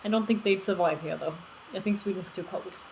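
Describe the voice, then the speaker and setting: A woman's voice: medium pitch, fairly quick, creaky, a little mellow, a little hiss or hum, rough recording. A woman streamer in casual, giggly chat with her viewers while playing a game. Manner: giggly, chatty, talks to chat.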